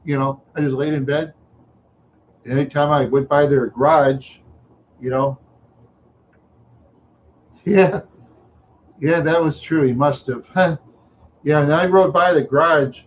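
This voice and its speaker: A man's voice: on the high side, measured pace, pauses often, a little hiss or hum. A middle-aged man from Minneapolis on a live stream, telling rambling stories with chuckles and mouth sound effects. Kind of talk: rambling storytelling. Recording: dull lo-fi recording.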